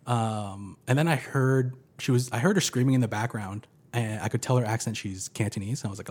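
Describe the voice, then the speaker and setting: A husky, slightly breathy man in his thirties tells a story on a podcast. His delivery is laid-back and casual, with dry humor. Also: on the low side, normal speed, a little mellow. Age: 30s. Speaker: podcast guest.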